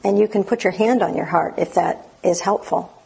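A woman teaching meditation in a dharma talk, gentle and unhurried with many fillers and restarts. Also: fairly low pitch, poor audio. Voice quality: gravelly, very husky.

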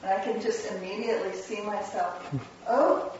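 Soft-spoken woman in the audience. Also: medium pitch, normal speed, heavy reverb, recorded from a distance, dull audio, background noise. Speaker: student speaking up at a talk.

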